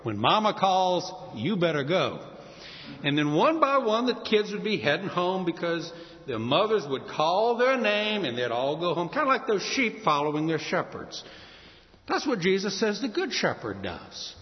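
A male pastor from New Orleans preaching a sermon, his voice high and lively as he tells stories and mimics sing-song calls. The recording sounds dull and carries a long hall echo.

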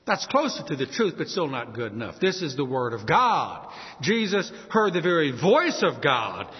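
Guy preaching a sermon, lively ups and downs, big echoey church, kinda muffled sound. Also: a little high. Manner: animated, rising to exclamations when mocking misunderstanding; coughs and clears throat at times. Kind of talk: expository sermon. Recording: dull sound with long reverb in a hall.

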